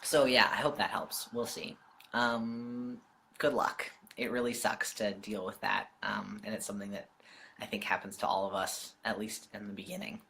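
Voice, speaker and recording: A man's voice: fairly low pitch, steady tone, moderate pace, vocal fry, sharp tone, slight background noise. A man chatting casually on a live stream from home, answering viewer comments directly, his voice wearing out.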